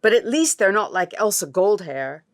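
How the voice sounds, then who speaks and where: A woman's voice: medium pitch, animated, normal speed, pitched above the performer's own voice, natural voice. A woman voicing a proud Viking mother, smug and easily scandalised.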